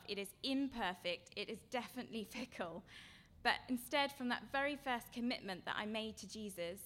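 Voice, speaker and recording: Earnest woman preaching, quiet then loud. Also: fairly high pitch. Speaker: seminar speaker. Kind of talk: sermon-style talk.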